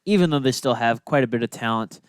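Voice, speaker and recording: A man's voice: mid-range voice, fast talker, clean tone, no echo, clean studio sound. A man co-hosting a casual hockey podcast, laid-back with teasing banter. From Minnesota. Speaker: podcast co-host. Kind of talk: casual sports chat.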